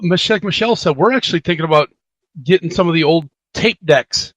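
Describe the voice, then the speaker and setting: A man's voice: a little high, a little fast, dull audio. A man guest on a radio talk show, a paranormal investigator who tells an eager story with some hesitation. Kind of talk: casual radio chat.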